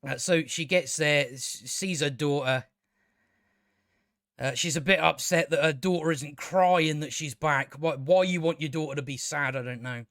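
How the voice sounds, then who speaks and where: A man's voice: fairly high pitch, moderate pace, a bit bright, no room sound, clean studio sound. A man giving a casual spoken TV review, ranting with exasperation, stumbling over restarts and swearing.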